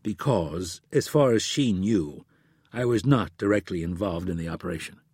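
An evasive, placating husband, voiced by a male audiobook narrator, pitched a little lower and quieter than his narration. His husky voice sits dry and close. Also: lively intonation, moderate pace, dry recording, heavily acted. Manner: low, hedging, placating. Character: evasive adult male operative husband, defensive.

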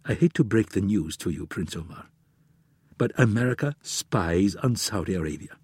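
A man's voice: fairly low pitch, lively intonation, darkish tone, husky, no echo, clean studio sound. A man playing a cautious, grave schemer. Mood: serious. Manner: measured, earnest. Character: cautious, serious adult man, a plotter.

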